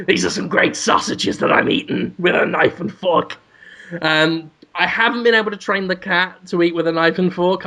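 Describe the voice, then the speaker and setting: A man's voice: a little high, a bit bright. A man co-hosting a podcast, rambling through a comic story with giggles and off-the-cuff asides. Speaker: podcast co-host.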